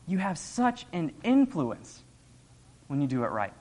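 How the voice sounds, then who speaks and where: Man, young adult, lay preacher, earnest, conversational, slightly high voice. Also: sing-song, measured pace, a little mellow, a little hiss or hum. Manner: earnest, conversational, laughs often. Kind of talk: sermon.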